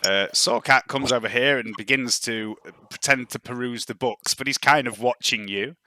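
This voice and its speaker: Bright, laid-back male game master. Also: mid-range voice, no echo. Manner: laid-back, chatty, halting. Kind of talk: narrating a tabletop game.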